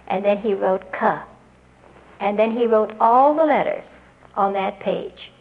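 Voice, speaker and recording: A woman telling an audience how she taught a student to read. She speaks earnestly and spells out letters and their sounds slowly. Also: mid-range voice, phone-quality sound. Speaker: literacy teacher giving a talk. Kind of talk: storytelling address to an audience.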